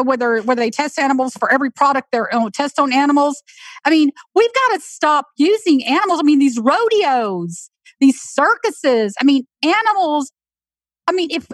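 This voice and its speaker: A woman's voice: high voice, no room sound. A woman hosting an emotional conversation, speaking earnestly and with empathy.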